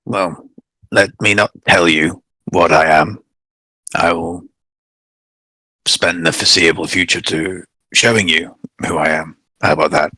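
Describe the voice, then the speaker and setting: Low bright-voiced man role-playing. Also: fairly even intonation, measured pace, slightly rough, dry recording, poor audio. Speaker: player. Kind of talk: in-character tabletop role-play.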